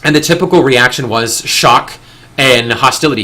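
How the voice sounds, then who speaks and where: A man's voice: medium pitch, animated, normal speed, pushed and bright. A young man hosting a casual discussion, talking earnestly in long, rambling stretches with frequent restarts. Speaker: discussion host.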